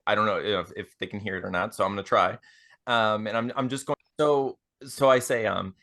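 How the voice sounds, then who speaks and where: A tabletop player with a mid-pitched voice, chatty and easily amused while describing their character's moves. The delivery stays casual and conversational. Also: a little fast, fairly bright tone.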